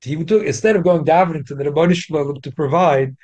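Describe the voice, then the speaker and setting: A male rabbi gives an animated Torah class, with his voice set a bit higher than most men's. He drives each point home by repeating it, and his pitch jumps up sharply when he stresses something. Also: fast talker. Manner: animated, emphatic repetition.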